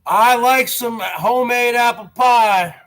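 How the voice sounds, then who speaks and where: A man's voice: extremely high pitch, takes it slowly, a bit bright. A man in his forties, vlogging from home in a rambling, mocking rant, tacking "man" onto his lines. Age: 40s. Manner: repetitive, drawls "man" at line ends. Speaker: vlogger host.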